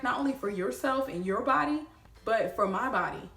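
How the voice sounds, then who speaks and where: A woman telling a storytime vlog, animated and swearing freely, talking straight to her viewers. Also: sits high, normal speed, roomy sound. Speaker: vlogger.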